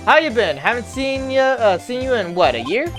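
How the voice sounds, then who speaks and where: Brash southern woman photographer with a folksy drawl, voiced by a streamer, lively swoops, music under it. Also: medium pitch, normal speed. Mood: boisterous. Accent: American Southern.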